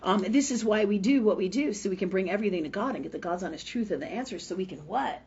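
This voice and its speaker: A woman's voice: mid-range voice, lively intonation, fast talker, darkish tone, husky. A woman in her fifties, feeling unwell, hosting a spiritual livestream in a blunt, profane, emphatic way, often asking "right?". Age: 50s. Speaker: spiritual talk host. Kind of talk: casual livestream talk. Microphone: webcam or phone mic. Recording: dull, slightly lo-fi livestream audio.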